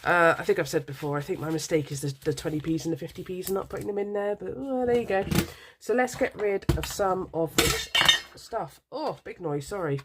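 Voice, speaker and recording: A woman's voice: lowish voice, brisk, heavy background noise. British woman with a stuffy nasal cold. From United Kingdom. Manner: chatty, rambling, apologetic, many ums. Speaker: budgeting vlogger. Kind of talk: casual chat to camera while sorting coins. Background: faint clinking of coins.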